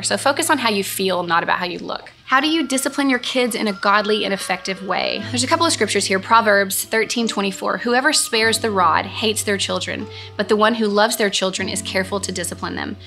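A woman in her thirties hosts a relaxed question-and-answer chat. She talks earnestly and gushes, often repeating herself, with a gravelly edge to her voice. Music plays clearly behind her. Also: mid-range voice. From Texas. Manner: earnest and gushing, repeats phrases. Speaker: host. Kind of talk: casual Q&A chat. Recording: music playing in the background.

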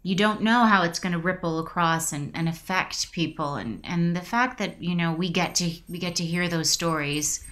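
A woman's voice: on the low side, moderate pace, few pauses, a bit bright. A woman in her forties, an actress being interviewed, speaking reflectively with many restarts and getting choked up. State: emotional, choked up. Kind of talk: casual video interview.

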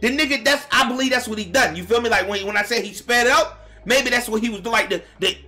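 A young man telling a story straight to his viewers, animated and profane, now and then breaking into shouts. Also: very high voice, fast, soft background music. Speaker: vlogger telling a personal story. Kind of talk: casual storytime monologue to viewers.

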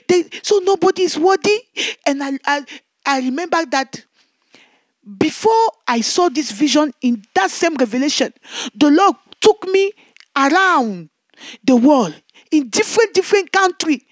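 Very high-voiced woman evangelist, pleading. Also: expressive, normal speed, no echo. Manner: emotional, pleading, with many repeated words. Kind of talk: testimony preaching.

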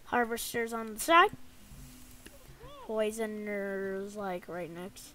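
A woman's voice: medium pitch, steady tone, takes it slowly, bright, forceful tone. A woman commenting on her own gameplay, thinking aloud in a hesitant way as she sets up her units. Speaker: gamer. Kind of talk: let's play commentary.

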